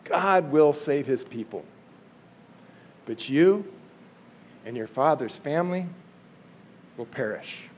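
A man's voice: on the high side, expressive, slow, pauses often, a little mellow, slight background noise. A man voicing an earnest cousin, urgently pleading with the young queen to act.

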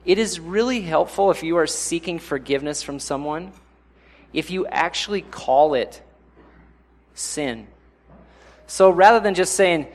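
A young adult man preaching a sermon in a conversational way, often acting out inner voices in sudden louder bursts. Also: fairly high pitch, expressive, measured pace, pauses often. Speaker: pastor.

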